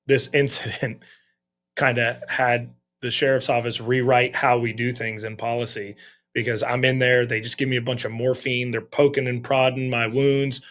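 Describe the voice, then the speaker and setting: A middle-aged sheriff's lieutenant speaks in a medium-pitched, slightly bright voice with a level tone and moderate pace. In a casual interview he candidly tells his story, quoting his own thoughts along the way.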